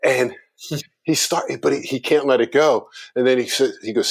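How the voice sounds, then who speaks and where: Middle-aged man telling a lively anecdote. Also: mid-range voice, moderate pace. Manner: animated anecdotal storyteller. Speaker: guest speaker on customer experience. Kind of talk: storytelling in a conversation.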